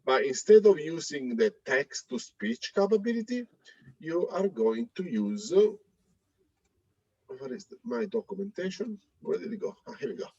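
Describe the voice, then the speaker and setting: A man presenting a live software demo, talking in a hesitant way with many fillers and restarts. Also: on the high side, big pitch swings, normal speed, breathy edge, no echo, dull audio. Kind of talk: live tech demo talk.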